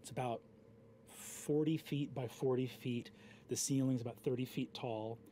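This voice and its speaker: A man narrating as game master in a relaxed, descriptive way. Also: medium pitch, measured pace, a little hiss or hum.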